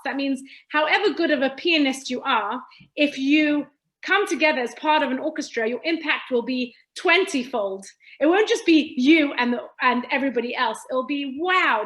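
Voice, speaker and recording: A woman's voice: high-pitched, fairly bright tone, poor audio. A woman giving an earnest personal testimony talk, often restarting phrases and using Hebrew terms. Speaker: speaker sharing her story.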